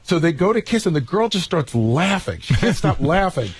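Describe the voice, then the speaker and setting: A man on a casual talk show telling a story with fillers and quick acted-out quotes. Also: a little high, very animated.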